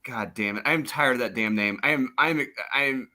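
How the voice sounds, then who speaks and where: Bright-voiced exasperated man ranting. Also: medium pitch, a little fast. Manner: excitable, exasperated rants. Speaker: comic writer on panel. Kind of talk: casual panel chat.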